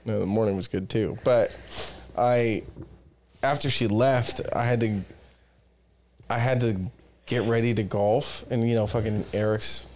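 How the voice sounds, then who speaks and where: A man's voice: lowish voice, steady tone, measured pace, long pauses, a little mellow, a little hiss or hum. A young man co-hosting a podcast, telling a story in casual chat with lots of swearing. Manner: profane, rambling storytelling. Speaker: podcast co-host.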